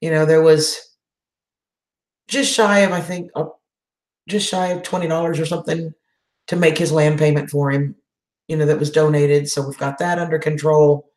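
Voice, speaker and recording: A woman's voice: low voice, fairly even intonation, moderate pace, pauses often, darkish tone, reverberant. A woman hosting a casual live chat, emotional as she answers viewer comments. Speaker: channel host doing a live chat.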